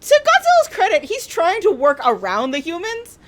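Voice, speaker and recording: Woman co-host, very high voice, lively pitch swings, giggly casual chat. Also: moderate pace. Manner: laughing, chiming in with jokey asides. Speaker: podcast co-host.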